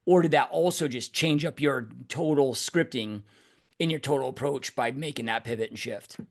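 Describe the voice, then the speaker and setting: A man's voice: medium pitch, moderate pace. A man hosting a podcast conversation over an online call, talking casually and saying "dude" and "you know" a lot. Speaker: podcast host. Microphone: online call mic.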